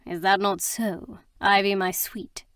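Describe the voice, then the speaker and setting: A woman's voice: medium pitch, steady tone, takes it slowly, gravelly, a bit bright, no room sound, studio quality. A woman voicing a jovial, mocking aristocratic man who teases his half-sister. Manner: teasing and boisterous.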